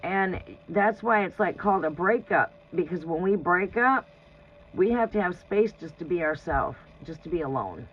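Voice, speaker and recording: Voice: mid-range voice, lively intonation, moderate pace. A tarot reader on a live reading gives blunt, profane advice and laughs often. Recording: dull lo-fi sound with faint noise.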